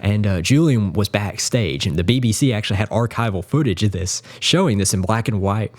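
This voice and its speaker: Earnest, low-voiced man musing aloud. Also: expressive, brisk. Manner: earnest, rambling, admiring. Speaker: guitar YouTuber. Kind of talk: casual spoken tribute.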